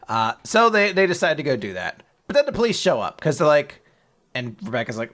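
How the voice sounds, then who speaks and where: A man casually recapping a comic chapter, swearing freely and slipping into quick silly voices for the characters. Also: lowish voice, very animated, fairly bright tone. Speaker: podcast co-host recapping manga. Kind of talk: casual chat.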